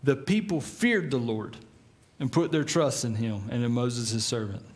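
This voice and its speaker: A middle-aged man preaching a sermon as pastor, telling the story with lively put-on voices and chuckles. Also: medium pitch, normal speed. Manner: animated storytelling, acts out voices with laughs.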